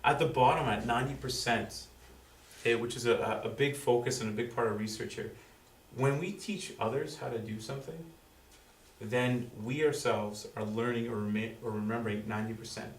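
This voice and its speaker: A man giving a school presentation to parents, explaining in a halting way full of fillers and restarts. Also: mid-range voice, fairly even intonation. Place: school room with audience. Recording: roomy, distant, faint background noise.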